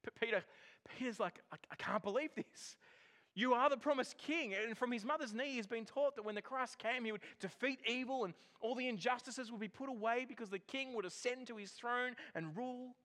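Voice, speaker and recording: A man with a high voice delivers a sermon in an earnest, emphatic way, doubling back on words as he builds each point. His voice rings out with a long reverb tail, as in a large church hall. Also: fairly quick, a bit bright. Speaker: pastor.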